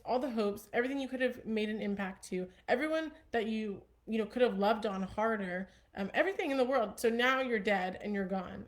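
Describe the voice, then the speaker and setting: A young woman hosting a casual self-help talk to her viewers, earnest and upbeat, with frequent likes and ums. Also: medium pitch. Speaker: host.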